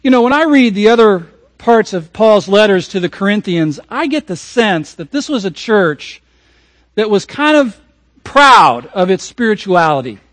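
High-voiced pastor preaching a sermon. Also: male voice, sing-song, normal speed, no room sound. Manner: emphatic preaching, swings from raised to hushed.

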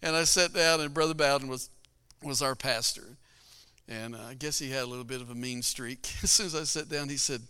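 A middle-aged man preaching a sermon through a personal story, his voice bright and crisp. He talks in a folksy, storytelling way and laughs often as he goes. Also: mid-range voice, fairly even intonation, a little fast. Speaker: pastor. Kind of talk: sermon testimony.

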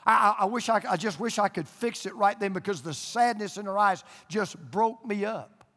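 A man's voice: high-pitched, normal speed, pushed and bright, long reverb tail. An older man preaching a sermon as pastor, a folksy storyteller who drives points home with emphatic repetition, speaking in a church auditorium to an audience there and online.

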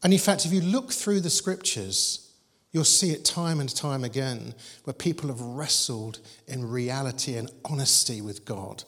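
A man's voice: medium pitch, lively intonation, a little slow, a bit bright. A man preaching a sermon, telling stories in a conversational, humorous way. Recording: long hall reverb.

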